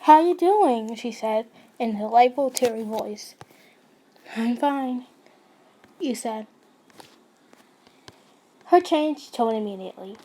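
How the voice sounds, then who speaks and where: A woman's voice: on the high side, slow, pauses often, warm tone. A young woman narrating a fan fiction story casually, stumbling and restarting, with chatty asides to her listeners.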